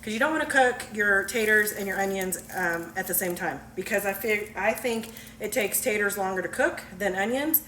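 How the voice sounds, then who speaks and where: A woman's voice: medium pitch, normal speed, few pauses, slight background noise. A woman, chatting casually and folksily while cooking in her home kitchen. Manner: chatty, folksy, laughs easily. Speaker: home cook vlogger. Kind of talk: casual cooking video chat. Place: home kitchen, frying on the stove. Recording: echoey kitchen with loud frying sizzle. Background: sizzling pan and stirring.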